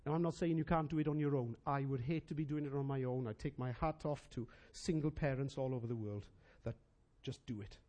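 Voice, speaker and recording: A man preaching a sermon as pastor, animated and emphatic, telling personal anecdotes. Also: mid-range voice, brisk, few pauses.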